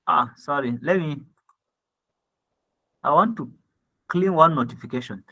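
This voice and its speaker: A man's voice: a little high, measured pace, pauses often, bright, forceful tone. A man with a Nigerian accent teaching copywriting, who reads ad copy aloud and then breaks it down, often checking in with "right?" and "okay?". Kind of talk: screen-share lesson reviewing ad copy.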